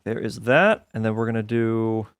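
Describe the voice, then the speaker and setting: A streamer playing a modded building game keeps up relaxed chatter, talking through his thinking and laughing at his own mistakes in a self-mocking way. He has a lowish, clean-toned voice at a moderate pace, recorded dry with clean studio sound.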